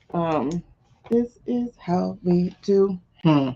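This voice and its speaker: A woman hosting a live tarot stream speaks in a lowish voice and chats casually and bluntly with her viewers, swearing without a second thought. Her audio is a little dull and lo-fi, like a home streaming setup. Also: normal speed. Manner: blunt and animated, swears freely, laughs often.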